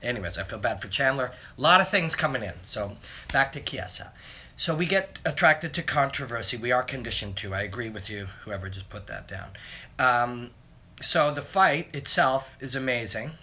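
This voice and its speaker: A man's voice: medium pitch, animated, moderate pace, bright, forceful tone, a little hiss or hum. A man hosting a casual live stream, rambling through fight analysis and answering viewer comments from his phone. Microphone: phone camera.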